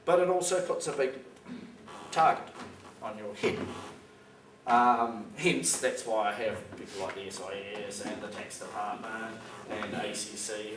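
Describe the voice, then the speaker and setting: In a school hall, a male public speaker with a New Zealand accent talks in a mid-range, somewhat bright voice. His manner is emphatic and plain-spoken, and he acts out phone calls. The sound is echoey and distant, with background noise.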